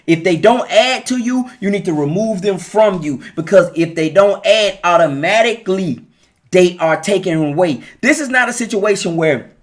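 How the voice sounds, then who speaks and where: A man's voice: high-pitched, a bit bright. A middle-aged man giving relationship advice in a casual, preachy live talk, repeating his points with emphasis and speaking straight to his viewers. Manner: preachy, emphatic, repeats key lines, talks to viewers directly.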